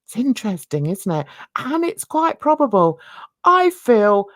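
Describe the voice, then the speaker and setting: Chatty woman with a lively voice. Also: a little high, a little slow, no room sound, clean studio sound. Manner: chatty, rambling, sharing opinions and asides. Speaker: YouTube commentator. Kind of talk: casual chat to camera.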